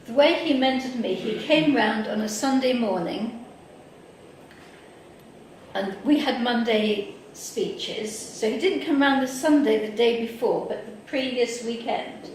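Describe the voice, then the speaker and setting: A woman with an English accent giving a workshop talk, telling lively stories and acting out what other people said. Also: on the high side, measured pace. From England. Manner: lively anecdotal, acts out quoted people. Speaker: workshop speaker. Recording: echoey hall, mic far off, faint noise.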